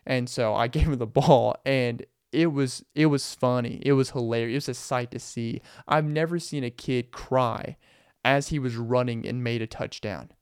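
Smooth-voiced young man telling stories. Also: medium pitch, normal speed, no echo, clean studio sound. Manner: rambling, animated, laughs often. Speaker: podcast host. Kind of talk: casual storytelling monologue.

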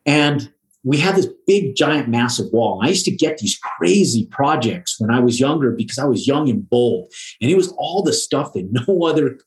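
A man's voice: medium pitch, animated, normal speed, low-quality recording. A middle-aged man, a home builder, telling stories in a casual podcast chat, slangy and swearing freely, with loose restarts. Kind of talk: casual storytelling.

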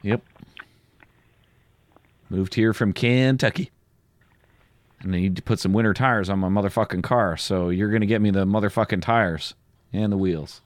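A man's voice: fairly low pitch, normal speed, long pauses, no room sound. A man making a prank call, blunt and profane with the person on the line. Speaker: prank caller.

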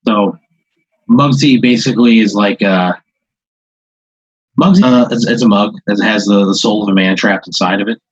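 A man improvising a second-person story to a guest, halting and full of filler words. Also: on the low side, husky, dry recording, muffled recording. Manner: rambling, halting, many "like"s.

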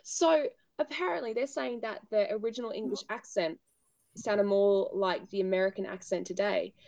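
A woman co-hosting a podcast, chatting casually in an animated, talkative way. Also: medium pitch, normal speed, vocal fry, dry recording. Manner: animated and chatty, laughs easily. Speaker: podcast co-host. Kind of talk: casual chat.

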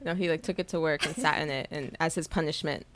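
A woman's voice: deep voice, fast, noisy background. A young woman co-hosting a podcast, telling stories in casual chat with lots of "like" fillers and some swearing. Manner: animated storyteller, fillers of "like", swearing. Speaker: podcast co-host.

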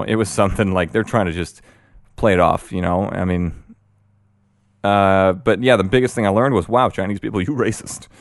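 A young man hosting a solo podcast, rambling and excitable with many fillers, and a bit out of breath. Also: on the low side, dry recording, studio quality. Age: young adult. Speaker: podcast host.

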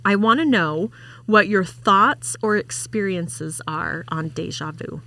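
A woman's voice: medium pitch, slow, vocal fry, sharp tone, no echo. A woman co-hosting a podcast in casual chat, reading out listener comments and laughing along. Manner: chatty, reads out comments with laughs. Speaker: podcast co-host.

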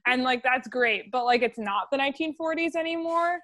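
A woman's voice: high voice, animated, a little fast, a bit bright, no echo, clean studio sound. A woman co-hosting a podcast, talking casually and sardonically, with strong opinions and many "like" fillers. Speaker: podcast co-host. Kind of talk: casual chat.

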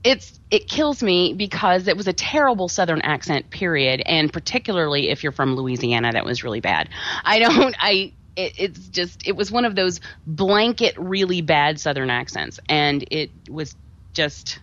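A woman co-hosting a podcast, chatting casually about a horror movie in an animated, wry way. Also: on the low side, moderate pace, dull audio. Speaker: podcast co-host. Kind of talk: casual movie review chat.

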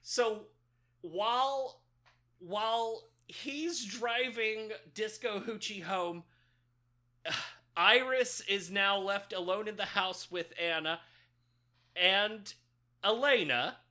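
A woman's voice: medium pitch, slow, long pauses, sharp tone. A woman co-hosting a podcast, recapping a film in casual, profane, joking chat and laughing often. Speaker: podcast co-host.

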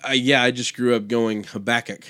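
Man, podcast co-host, casual upbeat chat, mid-pitched voice, dry close sound. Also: moderate pace, a bit bright, dry recording. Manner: upbeat, jokey, affirming. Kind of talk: casual chat about Bible study.

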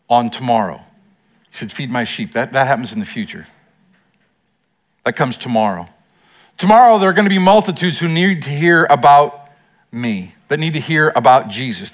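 Earnest man preaching a sermon. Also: a little high. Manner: earnest, animated preaching with rising emphasis and hushed retellings. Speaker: pastor.

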